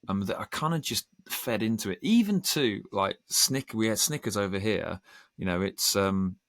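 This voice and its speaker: A man's voice: fairly low pitch, animated, gravelly, a bit bright, no room sound, clean studio sound. A man, a podcast guest telling earnest stories in casual conversation. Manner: earnest, storytelling, quick bursts. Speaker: podcast guest, band singer.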